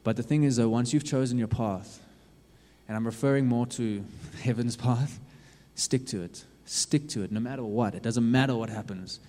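A man preaching a sermon, earnestly urging his listeners with lots of repetition, swinging from loud to hushed. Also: mid-range voice, normal speed. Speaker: youth preacher. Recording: long reverb of a hall.

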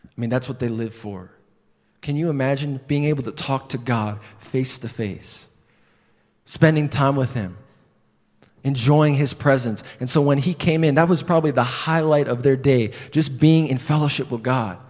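A man preaches a sermon in a church building, and his voice carries a long, lingering reverb from the hall. His pitch sits in the middle range for a man. He tells his story conversationally, pausing for rhetorical questions and laughing at his own mistakes. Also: darkish tone.

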